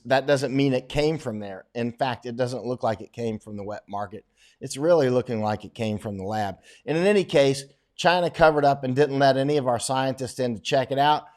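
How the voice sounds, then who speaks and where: A man's voice: medium pitch, a little mellow. A middle-aged man hosting a casual livestream, reading out viewer questions and giving rambling, opinionated answers with frequent restarts.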